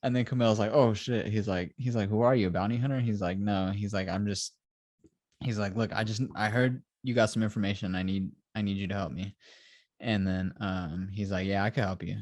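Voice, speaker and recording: This male co-host speaks fairly fast with a fairly low, darkish voice and fairly even intonation, on a dry recording. In a relaxed review chat he wanders through scenes as a rambling storyteller, doing "he's like" quotes and laughing frequently.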